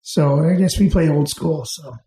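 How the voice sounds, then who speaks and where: Interview guest, man, easygoing rambling stories; mellow, slightly high voice in a reverberant room. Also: normal speed. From England, raised in Canada. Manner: relaxed, rambling with fillers and restarts. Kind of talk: casual storytelling.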